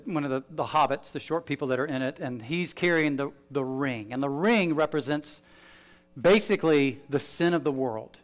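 A man preaching a sermon with a slightly raised pitch. He talks in an animated way, pushing some lines out loud and dropping others to a near hush. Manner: animated, swings from loud emphasis to hushed asides. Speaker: pastor.

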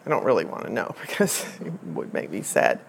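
An older woman telling a personal family story to a group in a chatty, unhurried way, with frequent fillers and restarts. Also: very deep voice, wildly swooping pitch, vocal fry, slight background noise.

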